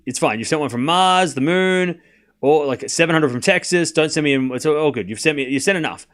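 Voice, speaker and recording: A man's voice: on the high side, brisk, a bit bright. A man livestreaming casual tennis play-by-play, calling scores and bantering animatedly with his chat.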